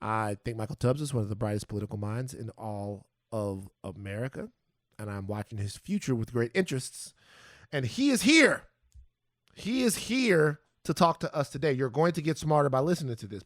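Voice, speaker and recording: A man co-hosting a podcast, talking in a casual, animated, playful way. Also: medium pitch, a little fast, no room sound, clean studio sound. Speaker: podcast co-host.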